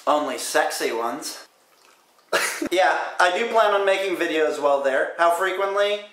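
A young man casually answering viewer questions with crude, quick-witted jokes. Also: on the high side, animated, a bit bright, roomy sound, slight background noise. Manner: joking, crude, quick comebacks. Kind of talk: casual comedic Q&A.

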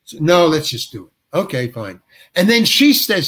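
An older male actor, a guest, telling a long anecdote and acting out the other people's dialogue with lively shifts of voice. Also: on the high side, normal speed. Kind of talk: storytelling anecdote.

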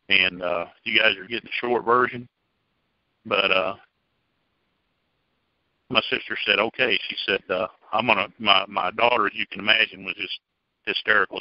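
A man's voice: lowish voice, no room sound. A middle-aged man giving a personal testimony to a church group in a folksy, plainspoken storytelling manner. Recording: dull, dry lo-fi recording.

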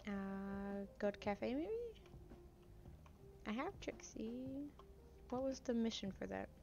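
A woman's voice: a little high, slow, creaky, dark tone. A woman casually commenting on a game she plays, chatty and playful, reading the dialogue aloud as she goes. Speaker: gamer. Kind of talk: casual let's-play commentary. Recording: dull lo-fi, faint noise.

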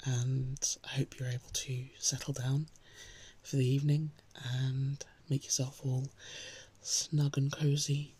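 A woman chatting casually to her viewers and reading a poem aloud, soft-spoken and often slipping into a whisper. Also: extremely low pitch, level tone, takes it slowly, slightly rough. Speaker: host of a daily poem reading. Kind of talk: casual chat and poetry reading.

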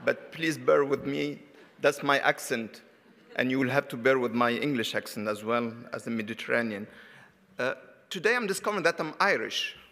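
Hesitant moderator in a reverberant hall. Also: male voice, mid-range voice, moderate pace, vocal fry, bright, forceful tone. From Tunisia. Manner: hesitant, many fillers and restarts. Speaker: panel moderator. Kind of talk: academic panel talk. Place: conference hall.

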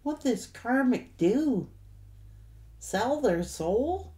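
Slow-talking woman reading tarot cards. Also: a little high, big pitch swings, dark tone. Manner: drawn-out, exclaiming, talks straight to the viewer. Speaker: tarot reader. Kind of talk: tarot reading for a general audience.

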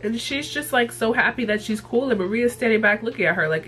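A young woman vlogger casually retelling a cartoon episode in a profane, slangy, animated way. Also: a little high, a little fast, few pauses, soft background music. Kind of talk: casual chat.

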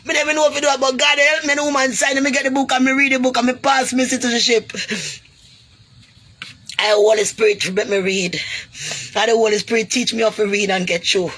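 A woman's voice: a little high, fairly even intonation, a little fast, a bit bright, breathy edge. A woman from Jamaica with a Jamaican accent, vlogging to her viewers in an emotional, pleading monologue full of creole grammar. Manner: heavy creole grammar, pleading and preachy, calls viewers goody. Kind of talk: emotional direct-to-camera monologue.

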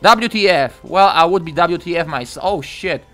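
Young male gamer, live commentary, bright lively voice, excitable, swears a lot, prone to yelling. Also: a little high, moderate pace, soft background music. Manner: excitable, profane, bursts into yelps and shouts. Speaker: gameplay commentator.

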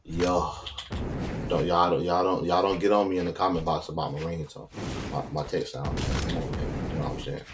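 A young man, hosting a gameplay channel, trash-talking opponents and shouting when matches heat up. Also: low-pitched, normal speed, heavy background noise. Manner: excitable trash talk, shouts and taunts when fighting. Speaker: gaming channel host. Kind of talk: gameplay commentary.

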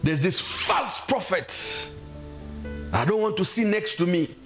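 A man's voice: sits high, very animated, slow, gravelly, a bit bright, soft background music. A male pastor preaching a sermon in a church, emphatic, quizzing the congregation and acting out quoted voices. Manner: emphatic, asks the congregation questions and acts out quotes.

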